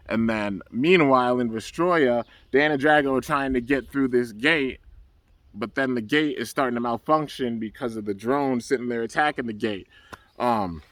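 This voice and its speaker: A man casually recapping an animated episode in a loose, rambling way, full of fillers and bursts of excitement. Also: mid-range voice, normal speed, no room sound. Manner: rambling, loose and enthusiastic, full of "um" and "you know". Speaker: anime episode reviewer.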